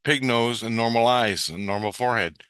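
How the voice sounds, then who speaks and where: Speaking at a normal speed in a clear, resonant, slightly bright medium-pitched voice, a man rambles through the story of a spirit-world vision he had. He restarts often and swears in passing. It's a studio-quality recording with no room sound.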